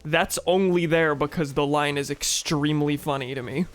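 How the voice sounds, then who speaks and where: A man's voice: on the high side, steady tone, moderate pace, few pauses, faint music behind. A young man with a sore throat, casually joking and swearing while streaming a game. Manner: joking, swears, reads game dialogue aloud. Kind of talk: casual gaming commentary.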